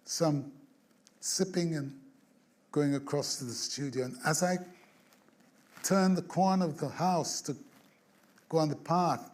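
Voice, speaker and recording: A man, a songwriter being interviewed, telling an anecdote in an animated way, acting out the scenes, humming bits of tunes and chuckling along. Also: fairly high pitch, measured pace, pauses often. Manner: animated storyteller who acts out scenes and hums tunes; chuckles through his stories. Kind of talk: storytelling anecdote.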